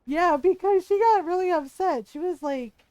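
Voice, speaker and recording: A woman's voice: very high voice, moderate pace, mellow, no room sound. A woman streaming a game, chatting casually and laughing her way through rambling stories.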